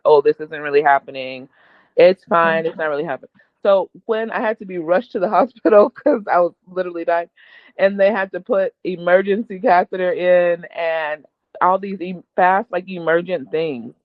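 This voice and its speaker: A woman's voice: lowish voice, no echo. A woman guest speaking candidly and emotionally about her own life, laughing often as she talks. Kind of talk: candid personal storytelling. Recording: tinny, dry, phone-like line.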